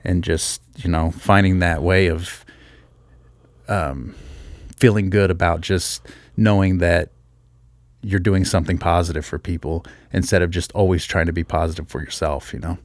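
A man's voice: sits low, steady tone, normal speed, no echo. A man in casual chat, telling stories bluntly with plenty of swearing. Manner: blunt, profane storytelling.

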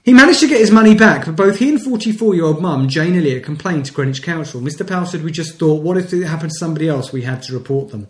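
A man co-hosts a casual comedy podcast, reading local news items aloud and chuckling through them. His voice sits a little high. The recording has a roomy echo. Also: quick pace, hardly any pauses. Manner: reads news stories aloud, laughing often. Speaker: podcast co-host.

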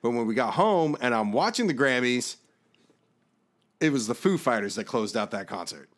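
Male podcast co-host, animated, profane storyteller with a lively, swinging pitch. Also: moderate pace. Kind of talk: casual storytelling chat.

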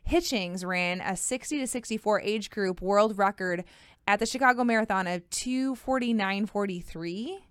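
A woman's voice: mid-range voice, moderate pace, fairly bright tone, clean tone, dry recording, studio quality. A woman co-hosting a podcast, reading race results in casual chat. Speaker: podcast co-host.

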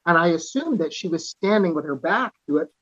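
A man's voice: a little high, expressive, fairly quick, fairly bright tone, slightly rough, dry recording, dull audio. A man from Canada, a podcast guest, telling a personal story earnestly, with vivid details, restarts and frequent "you know". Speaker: podcast guest, author and musician.

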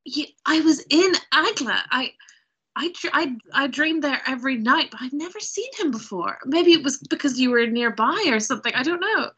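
A woman voicing a young female half-elf adventurer, breathy and earnest, rambling a little. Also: sits high, expressive, normal speed, fairly bright tone, pitched above the performer's own voice. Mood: excited.

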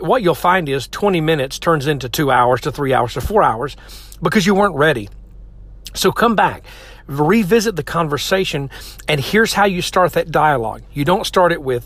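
A man's voice: on the high side, measured pace, fairly bright tone, no echo. A man giving earnest, direct relationship advice to couples, talking straight to the men and the ladies listening. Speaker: relationship speaker. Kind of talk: motivational advice talk.

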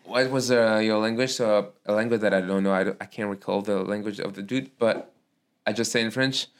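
A man with a lowish voice hosting a relaxed chat in English. His first language is Arabic, and he speaks in halting bursts, stopping to hunt for the right word. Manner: halting, searches for English words. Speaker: podcast host. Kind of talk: casual conversation.

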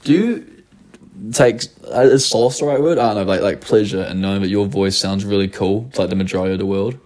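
A man's voice: lowish voice, quick pace, darkish tone. A young man with a New Zealand accent, chatting casually as a podcast co-host, laid-back and swearing freely while slipping into mock voices. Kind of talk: casual chat.

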